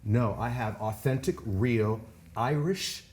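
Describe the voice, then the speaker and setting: A man's voice: medium pitch, slow pace, darkish tone. A man in his fifties co-hosting a talk show, joking and teasing in casual chat. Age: 50s. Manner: playful, joking. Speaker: co-host.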